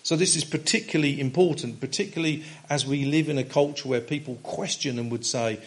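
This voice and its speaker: A man preaching an expository sermon. He reads a passage aloud and then explains it with emphatic stresses, using some filler pauses and restarts. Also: medium pitch.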